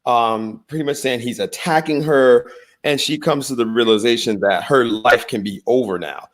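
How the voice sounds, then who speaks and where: A man's voice: medium pitch, normal speed. A man hosting a morning talk show in casual, loose and chatty conversation. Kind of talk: casual chat.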